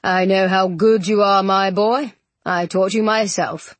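A woman's voice: medium pitch, fairly even intonation, unhurried, no room sound, lightly acted. A woman voicing an older aristocratic male villain, smug and condescending, speaking in a silky manner. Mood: menacing.

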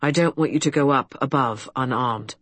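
A woman voicing a calm male king who speaks in a firm, measured, commanding way. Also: very deep voice, husky, no room sound, pitched below the performer's own voice.

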